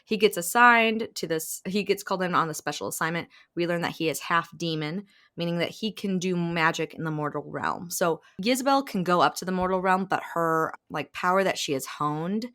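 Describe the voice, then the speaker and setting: A woman with a lowish voice retells a romance plot on a podcast, peppering everything with "like" and cheerful swearing. Her delivery is loose and conversational, and she breaks into laughter easily. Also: brisk, few pauses, fairly bright tone. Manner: chatty, profane, filler-heavy with frequent "like". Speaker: podcast co-host. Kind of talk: casual chat.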